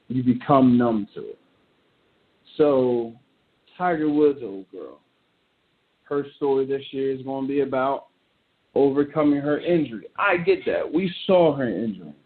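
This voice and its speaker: A man holds forth as host in loose, animated commentary, blunt and profane as he reacts out loud. His voice sits at an ordinary middle pitch. The sound is thin and tinny, like a phone line. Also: normal speed. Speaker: show host. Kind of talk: casual ranting commentary.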